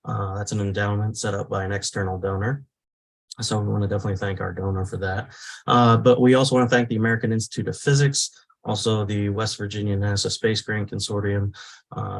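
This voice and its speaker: A physics professor giving welcome remarks at an online talk, pausing often with fillers. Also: male voice, lowish voice, creaky, poor audio. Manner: hesitant, many "uh" fillers.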